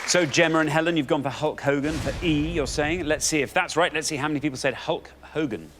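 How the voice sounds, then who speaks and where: A man's voice: fairly high pitch, brisk, background noise. A man hosting a TV quiz show, reading out answers and bantering playfully with his co-host. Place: TV studio.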